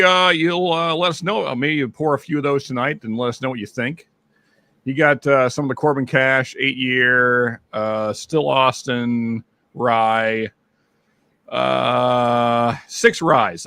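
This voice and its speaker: A man's voice: mid-range voice, steady tone, gravelly, sharp tone, clean tone, dry recording. A man hosting a livestream in casual chat, greeting viewers by name, with a slightly stuffy nose. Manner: chatty, reads out viewer names with quick greetings. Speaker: livestream host.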